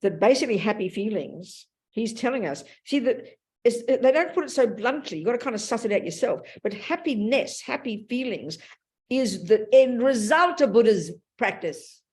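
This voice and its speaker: An older Australian woman giving a Buddhist teaching in a blunt, lively and colloquial way. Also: on the high side, moderate pace. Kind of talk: Dharma talk.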